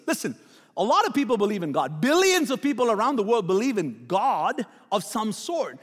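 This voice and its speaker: High-voiced male pastor preaching. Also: moderate pace, in a large hall. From Middle East. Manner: energetic preaching, rising emphatic questions. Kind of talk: sermon.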